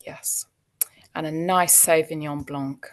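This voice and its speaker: A woman's voice: low-pitched, fairly even intonation, takes it slowly. A woman, an actor chatting as a guest and telling anecdotes with frequent ums and laughs. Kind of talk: casual interview chat.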